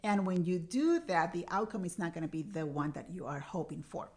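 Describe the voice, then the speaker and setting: A woman's voice: on the low side, fairly quick, darkish tone. A woman in her forties, mother of teenagers, hosting a parenting advice show in an earnest, coaching way that repeats its key points. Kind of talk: direct-to-camera parenting advice.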